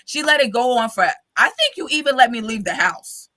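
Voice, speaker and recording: A woman in her thirties hosting a podcast, telling a story in a lively way and acting out the voices she quotes. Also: fairly high pitch, fairly quick. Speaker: podcast host. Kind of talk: casual chat.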